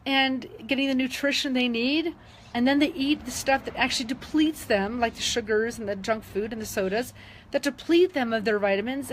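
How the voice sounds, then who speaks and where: Casting note: middle-aged woman with a high voice, sincere and emotional, telling a story over a faint hum. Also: poor audio. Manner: earnest, emotional, with frequent um fillers and restarts. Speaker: wellness advocate sharing testimonies. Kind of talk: casual personal storytelling.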